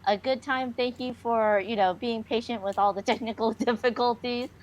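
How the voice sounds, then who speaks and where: Woman streamer host, chatty, somewhat high voice, faint background noise. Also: steady tone, moderate pace. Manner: chatty, hesitant with fillers. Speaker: livestream host. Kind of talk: casual livestream chat.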